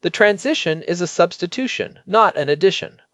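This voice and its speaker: Man, expert podcast co-host, measured and emphatic, high animated voice. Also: no echo, clean studio sound. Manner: measured, explanatory, emphatic on key points. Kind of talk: explanatory podcast chat.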